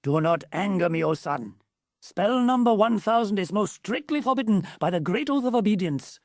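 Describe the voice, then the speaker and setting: A woman's voice: medium pitch, expressive, normal speed, darkish tone, no room sound, clean studio sound, voice pushed up, close to an everyday voice. A woman voicing a stern, formal old male genie scolding his son in a storybook. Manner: formal, archaic, solemn.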